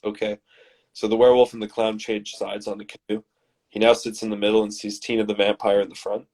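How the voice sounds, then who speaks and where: A man from Canada, hosting and reading his comedy scripts aloud in a dramatic, animated way. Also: on the low side, a little fast. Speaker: host and scriptwriter.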